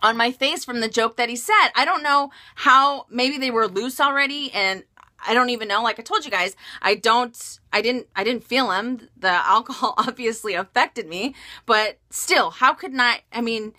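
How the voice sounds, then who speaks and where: A woman vlogger telling a story in a chatty, animated way, often restarting her sentences. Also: fairly high pitch, normal speed. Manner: chatty, animated, self-correcting. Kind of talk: casual storytime monologue.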